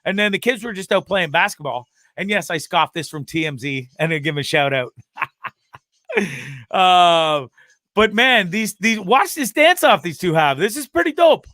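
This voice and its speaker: A man with a bright, forceful voice pitched a bit above the usual, hosting a live web show in a casual, profane way. He rants and laughs freely between topics. The sound is dry and close. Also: expressive, normal speed, no room sound. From Canada. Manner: profane, ranting and laughing often. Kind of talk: casual live-stream chat.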